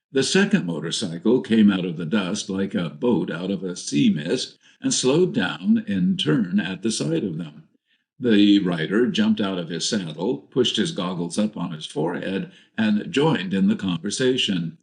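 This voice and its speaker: Low-voiced man reading a novel. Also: animated, measured pace. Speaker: audiobook narrator. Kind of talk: scripted narration.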